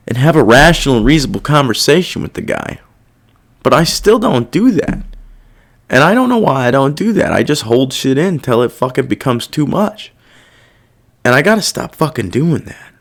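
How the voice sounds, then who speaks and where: A young man hosting a podcast, talking through his feelings in a rambling, self-reflective and heavily profane casual monologue. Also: medium pitch. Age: young adult. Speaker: podcast host.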